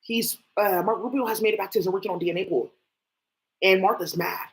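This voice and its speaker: A woman hosting a tarot stream in a loose, rambling rant. She talks bluntly and profanely with lots of animation, asks questions out loud and answers herself. Her voice sits at a middle pitch for a woman. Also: fast. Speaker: tarot livestream host. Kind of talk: casual ranting monologue.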